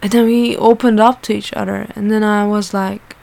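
A woman's voice: medium pitch, level tone, moderate pace, vocal fry, a little mellow. Candid woman telling a personal story. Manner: candid, frequent swearing and fillers.

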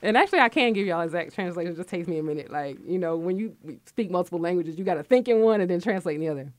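A woman's voice: fairly low pitch, animated, racing, no room sound. A woman in her forties from Connecticut, a guest author chatting on a radio interview in a reflective, storytelling way. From Connecticut, USA. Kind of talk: casual radio interview talk.

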